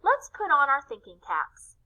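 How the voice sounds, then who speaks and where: A woman's voice: high voice, wildly swooping pitch, unhurried, pushed and bright, dull audio, pitched above the performer's own voice, exaggerated voice. Woman voicing a kindly storybook teacher. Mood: gentle.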